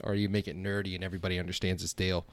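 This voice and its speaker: Quick, joking male co-host. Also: low-pitched, level tone, no echo. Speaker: podcast co-host. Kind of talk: casual banter.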